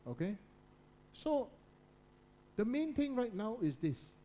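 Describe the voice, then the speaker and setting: Speaking slowly and very animatedly, a slightly high-voiced male guest speaker motivates a student audience. His talk is repetitive, constantly seeking the crowd's agreement, with frequent drops to a hushed, low tone for emphasis.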